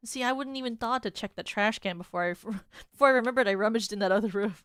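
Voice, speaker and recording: A woman's voice: fairly high pitch, fast talker, fairly bright tone, clear, resonant tone, no echo, studio quality, soft background music. A young adult woman streaming a video game, casually chatting, reading in-game text aloud, swearing and laughing when surprised. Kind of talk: casual gameplay commentary.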